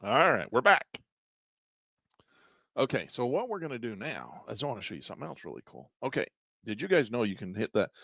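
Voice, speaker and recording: Gravelly-voiced man teaching chart trading. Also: medium pitch, big pitch swings, fairly quick, pauses often, fairly bright tone, dry recording, studio quality. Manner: casual, thinks aloud while clicking through charts; chatty asides to viewers. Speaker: trading instructor. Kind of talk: live screen-share trading lesson.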